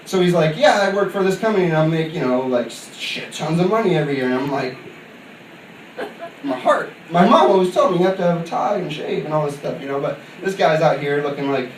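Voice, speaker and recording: On a comedy club stage, a young man from upstate New York performs stand-up, spinning a loose, rambling, filler-packed story and slipping into quick put-on voices for its characters. His voice is a little high and expressive, with a slight hiss or hum. A distant mic gives a roomy club sound with audible ambience, and the crowd laughs in the background.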